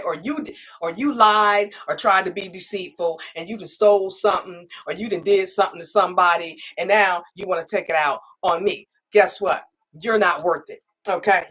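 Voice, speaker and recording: A woman's voice: mid-range voice, low-quality recording. Chatty woman with a drawl. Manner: chatty, animated storytelling with frequent laughs and "okay?" tags; acts out others' lines in quoted voices. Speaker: spiritual reader and channel host. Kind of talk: casual livestream monologue.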